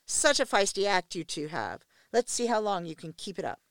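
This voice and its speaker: A woman's voice: medium pitch, big pitch swings, moderate pace, no room sound, clean studio sound. A woman reading the lines of a cruel, mocking man in a story, with a taunting, smug delivery.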